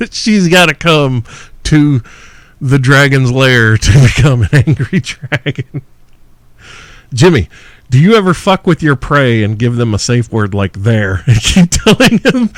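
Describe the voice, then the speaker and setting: A man's voice: mid-range voice, clear, resonant tone, no echo. A man hosting a podcast and answering listener questions, ranting in a brash, profane, mocking way with frequent laughter. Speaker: podcast host.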